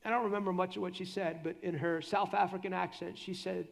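Gravelly high-voiced male preacher. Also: fast, hardly any pauses. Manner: animated preaching, acts out prayers in a hushed voice. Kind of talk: sermon. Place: church conference session.

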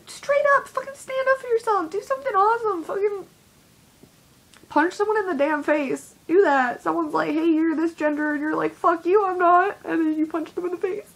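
High-voiced young woman, rambling and profane. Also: normal speed, vocal fry, long pauses. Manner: rambling, heavily profane, self-deprecating. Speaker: YouTuber. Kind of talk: confessional vlog monologue.

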